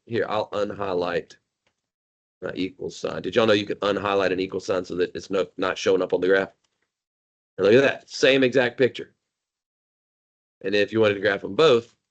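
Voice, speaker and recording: A man teaching a high school math class live, joking and calling on students by name. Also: fairly bright tone.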